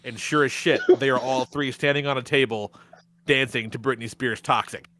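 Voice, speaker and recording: A man's voice: mid-range voice, steady tone, normal speed, fairly bright tone, no echo. A man hosting a podcast, retelling a movie's plot in casual chat, swearing often and laughing along the way. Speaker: podcast host.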